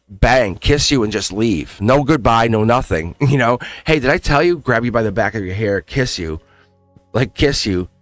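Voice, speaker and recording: This tarot reader's voice sits on the low side, captured in a dry recording. Live-streaming, he keeps things casual and lively, addressing viewers directly and breaking into frequent laughter.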